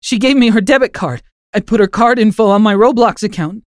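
A man's voice: animated, moderate pace, dry recording, clean studio sound. A man doing a sobbing teenage boy. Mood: tearful. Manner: pleading, choked-up, high. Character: teenage boy, tearful and pleading.

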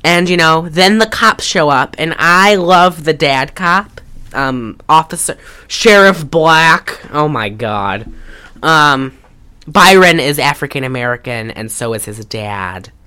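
Woman host with a very low voice; loose, profane, filler-heavy recap chat. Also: expressive, slow, pushed and bright, smooth. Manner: rambling, profane, lots of fillers. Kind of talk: casual movie recap chat.

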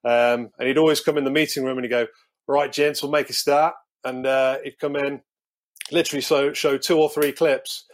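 A man's voice: mid-range voice, little pitch movement, brisk. A man in his thirties, a guest telling a rambling story, repeating himself and laughing at his own anecdotes. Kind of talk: casual storytelling.

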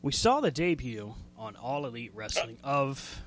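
A man's voice: medium pitch, expressive, unhurried. A man hosting a wrestling radio show, chatting casually in a jokey, rambling way and laughing easily. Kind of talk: casual chat.

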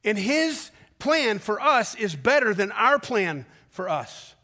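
A male pastor preaching a sermon, pausing for effect and building to emphatic peaks, with quick asides as he tells a story. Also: high-pitched, very animated, sharp tone. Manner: preaching with dramatic pauses and rising emphasis.

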